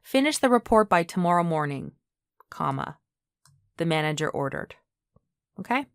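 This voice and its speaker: Low-voiced woman teaching grammar. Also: very animated, normal speed, no echo, clean studio sound. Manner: clear, patient explaining with frequent "okay?" checks. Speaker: English teacher. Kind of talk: online grammar lesson.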